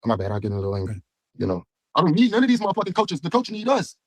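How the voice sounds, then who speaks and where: A man, a boxer in an interview, venting about his coach in a heated, rapid way. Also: on the high side, wildly swooping pitch, dry recording. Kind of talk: interview clip.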